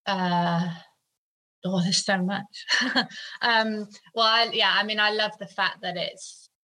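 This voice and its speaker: A woman's voice: medium pitch, fairly even intonation, takes it slowly, pushed and bright, low-quality recording. A woman in her thirties, a guest in an interview, talking hesitantly with many fillers. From United Kingdom. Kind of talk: conversational interview.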